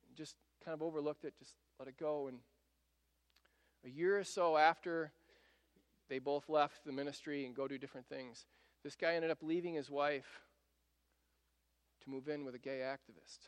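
High-voiced preacher in a reverberant hall. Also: male voice, fairly even intonation, normal speed, long pauses. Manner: conversational preaching, acting out quotes. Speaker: pastor. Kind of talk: sermon. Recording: long reverb of a large hall.

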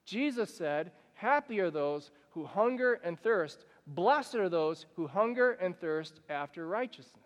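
A man preaching a sermon as a pastor, casual and conversational, acting out everyday examples with lively energy. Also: high voice, unhurried, few pauses, big-room sound.

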